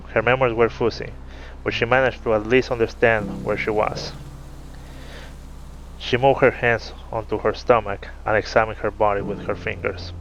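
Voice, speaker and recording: A man reading a fantasy story aloud in a steady narrating voice, in a muffled recording. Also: fairly low pitch, slight background noise. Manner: steady narration, laughs between chapters. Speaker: story reader. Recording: muffled with faint music.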